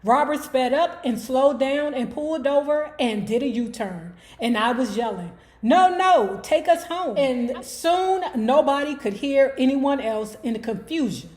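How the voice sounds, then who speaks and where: A woman's voice: sits high, a little slow, few pauses, a little mellow. Sassy woman reading a memoir aloud. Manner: sassy, profane asides to viewers. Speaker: book club host. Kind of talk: memoir read-aloud with commentary.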